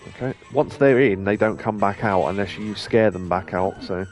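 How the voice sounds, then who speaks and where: A man commenting on a video game as he plays it, rambling and chatty, laughing often and swearing now and then. His voice sits on the low side, with faint music playing behind him. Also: moderate pace. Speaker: streamer host. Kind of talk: let's play commentary.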